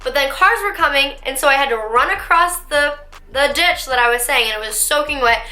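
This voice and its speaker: A young woman vlogger telling a dramatic story in a lively, animated way. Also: high-pitched, brisk, soft background music. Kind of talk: storytime vlog. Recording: echoey room.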